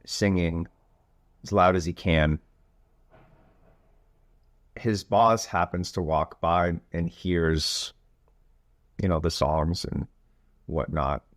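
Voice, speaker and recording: A man who hosts a coaching podcast, telling a story in a relaxed way with frequent filler phrases. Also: sits low, slow pace, pauses often, no room sound, studio quality. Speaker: youth soccer coach and podcast host.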